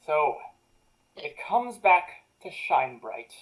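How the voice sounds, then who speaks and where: A woman's voice: deep voice, very animated, slow pace, fairly bright tone, voice pushed down, heavily acted, rough recording. A woman voicing a bitter, scheming male wizard's former apprentice who rants indignantly. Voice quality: indignant, ranting.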